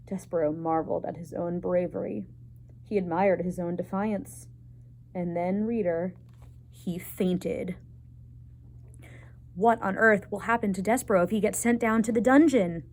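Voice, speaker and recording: A woman librarian reading a chapter book aloud to children with expressive storytelling. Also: on the low side, measured pace, pauses often, a little hiss or hum.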